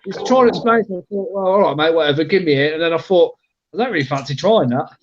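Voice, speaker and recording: A man's voice: a little high, expressive, quick pace, highs cut off, slight background noise. A man from the UK chatting casually and boasting in football banter. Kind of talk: casual chat.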